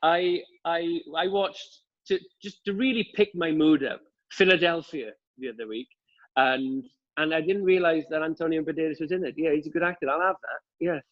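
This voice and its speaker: A Welsh man with a fairly high speaking voice chats casually as a podcast guest, full of fillers and restarts. The sound is a little dull. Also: normal speed. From Wales. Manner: chatty, many fillers and restarts. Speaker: guest TV presenter. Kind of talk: casual chat. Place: at home during lockdown.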